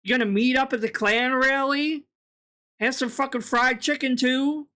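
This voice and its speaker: A woman giving an indignant, profane reaction commentary, her throat sore from yelling. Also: high-pitched, fairly even intonation, normal speed. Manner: profane, indignant, laughing ranting.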